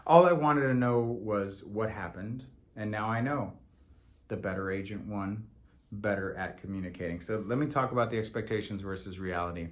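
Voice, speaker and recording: A man's voice: fairly low pitch, moderate pace. A man who works as a real estate agent, telling a story in a casual vlog and acting out both sides of the conversations.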